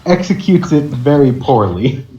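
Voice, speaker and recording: A man running a tabletop game describes events calmly. His tone is dark and mellow. The recording is roomy and dull, with mic clicks. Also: medium pitch, measured pace, a little hiss or hum. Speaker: game master.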